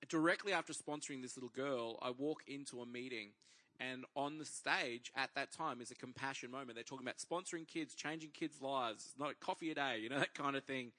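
Bright-voiced Australian man telling a story. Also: mid-range voice, a little fast. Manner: lively storyteller acting out dialogue. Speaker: pastor. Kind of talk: sermon storytelling.

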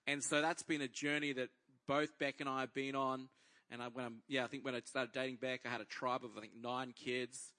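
An Australian man preaches with a bright, ringing voice. He tells a personal story in a lively way and voices the people in it as he goes. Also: mid-range voice, fairly quick. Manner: lively storyteller acting out dialogue. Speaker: pastor. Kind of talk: sermon storytelling.

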